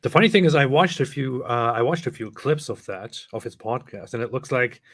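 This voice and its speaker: A man hosting a casual livestream chat, relaxed and easily amused by his guest. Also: medium pitch, brisk, no echo, clean studio sound. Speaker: livestream host.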